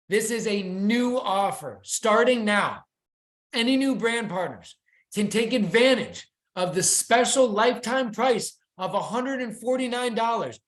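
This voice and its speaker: Over a video call with slides, an enthusiastic presenter pitches the weekly company update like a salesperson. The audio has a roomy quality.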